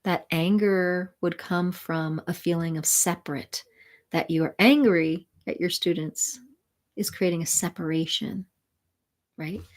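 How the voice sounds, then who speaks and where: A woman spiritual mentor and sound healer, talking gently and soothingly to viewers of a live stream. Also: lowish voice, fairly even intonation, a little slow.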